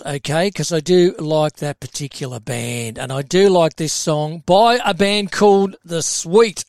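Chatty high-voiced male radio presenter. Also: measured pace, gravelly, hardly any pauses, darkish tone, no room sound, clean studio sound. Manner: chatty, jokey, laughs often. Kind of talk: casual radio chat.

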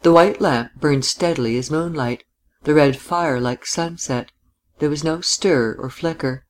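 Measured, quiet audiobook narrator. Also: medium pitch. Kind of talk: audiobook reading of a novel.

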